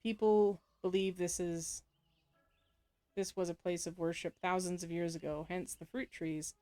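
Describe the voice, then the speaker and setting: A woman with a fairly low, dark voice reads a story game's text aloud in a flat, unhurried way. She tosses in casual remarks as she plays, laughing often and correcting herself as she reads.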